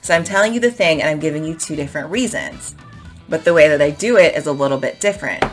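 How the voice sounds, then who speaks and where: A woman's voice: low-pitched, expressive, fast talker, soft background music. A woman teaching English, explaining and emphatically modelling phrases to show intonation. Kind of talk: explaining to camera in a lesson.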